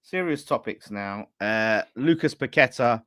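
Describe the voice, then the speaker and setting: A man hosts a football fan show, chatting loosely and reading out viewer messages. His voice sits in a middle pitch. The sound is close and dry. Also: lively intonation, unhurried, fairly bright tone, dry recording. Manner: chatty, laughing, banter with co-host. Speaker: fan channel host. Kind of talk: casual chat.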